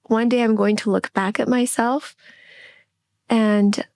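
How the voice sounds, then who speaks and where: A middle-aged woman co-hosting a podcast, speaking candidly and reflectively, often pausing and restarting her sentences. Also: fairly high pitch, steady tone, darkish tone, no echo. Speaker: podcast co-host.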